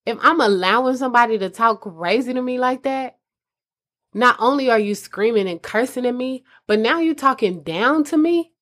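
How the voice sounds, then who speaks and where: A woman's voice: on the high side, lively intonation, normal speed, a bit bright. Earnest woman giving casual advice. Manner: earnest, conversational, addresses listeners as mamas. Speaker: host addressing mothers.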